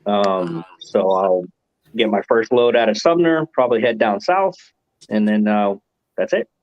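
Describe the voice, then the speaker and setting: Low-voiced man on a dull, dry call. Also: unhurried, no echo. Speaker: trucker guest. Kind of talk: casual group chat.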